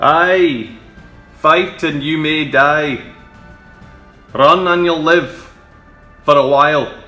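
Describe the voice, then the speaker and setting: A man playing a defiant rebel leader rousing his troops, rising to shouted peaks. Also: on the high side, fairly even intonation, very slow, reverberant, faint music behind, heavily acted.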